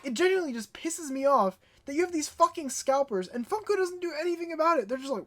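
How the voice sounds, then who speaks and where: A young woman vlogging in a casual, animated storytelling way, stuttering when she gets worked up. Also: sits high, fast talker, hardly any pauses. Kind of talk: casual ranting vlog.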